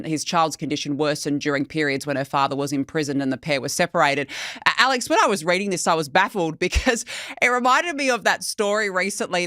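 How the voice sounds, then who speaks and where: Female host, lowish bright voice, brisk and incredulous, dry studio sound. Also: dry recording. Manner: incredulous, brisk, with filler ums. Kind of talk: opinionated news commentary chat.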